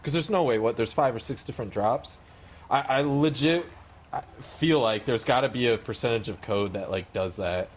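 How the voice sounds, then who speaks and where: A man chatting with a friend during a game, teasing him and laughing loudly. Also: medium pitch, moderate pace, slight background noise. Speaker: co-player friend. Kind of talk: casual gaming chat.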